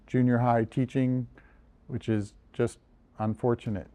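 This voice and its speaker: A man's voice: mid-range voice, a little slow, a little mellow. A man from the United States, a journal editor, giving a conversational lecture over slides with frequent ums and restarts. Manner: conversational, self-deprecating, many ums and restarts.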